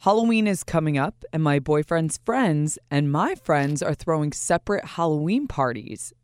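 A woman puts her question to an advice host, sounding quick and fed up. Her voice is very low for a woman, and the sound is dry and close. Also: lively intonation, a little mellow, clear, resonant tone, dry recording. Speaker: listener asking for advice.

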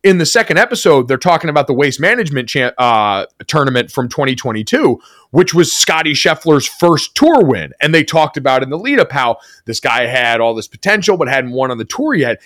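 A man's voice: mid-range voice, very animated, brisk, fairly bright tone, no room sound, clean studio sound. A young man from Connecticut co-hosting a sports podcast, telling stories and teasing his co-host in casual chat. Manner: storytelling, wry teasing.

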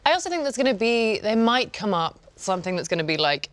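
A woman's voice: mid-range voice, sing-song, quick pace, no echo. A young woman co-hosting a podcast, telling a rambling story full of "like"s. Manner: rambling, many "like"s. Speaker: podcast co-host. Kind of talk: casual chat, storytelling.

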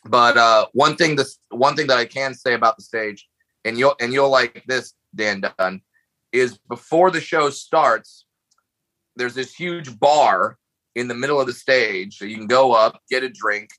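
A man's voice: mid-range voice, measured pace, bright, forceful tone, rough recording. A man chatting as a comedy guest on a podcast, enthusiastic and stumbling over repeated restarts. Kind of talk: casual chat.

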